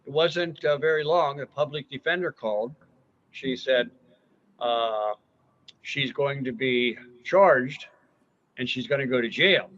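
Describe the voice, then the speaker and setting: Slow-talking man, dull lo-fi recording. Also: medium pitch, a bit bright. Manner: slow, halting retelling. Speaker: scam victim giving testimony. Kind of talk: recorded testimony.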